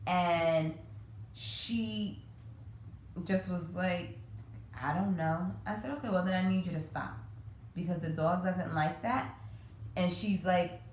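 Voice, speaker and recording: A woman's voice: fairly low pitch, moderate pace. A woman hosting a parenting podcast, talking casually with many fillers and restarts. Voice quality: conversational, many fillers and self-corrections. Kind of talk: casual educational talk. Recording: echoey room with faint noise.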